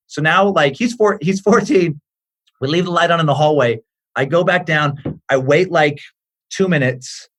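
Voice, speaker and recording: A man's voice: a little high, moderate pace. A middle-aged man, a guest comedian, telling stories in a casual podcast chat and acting out the voices in them. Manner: animated, acts out the voices in his stories.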